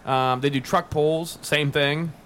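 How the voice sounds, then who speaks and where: A man's voice: on the high side, fairly even intonation, takes it slowly, fairly bright tone, slight background noise. A young man, hosting a casual podcast chat, rambling, swearing and laughing often.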